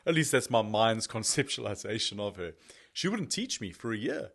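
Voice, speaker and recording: A man who is a podcast guest, telling his personal testimony as an animated, self-deprecating storyteller. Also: fairly low pitch, normal speed.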